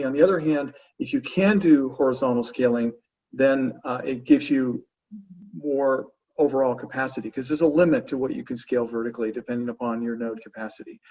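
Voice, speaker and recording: A man answering webinar questions as a panelist, halting, with frequent fillers and restarts. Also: medium pitch, a little mellow. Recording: distant, muffled remote audio.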